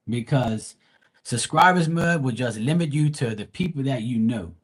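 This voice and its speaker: A man who reads tarot live, chatting casually with his viewers in a blunt, profane, slangy and rambling way. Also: a little high. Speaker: live tarot reader and streamer. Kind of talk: casual livestream chat.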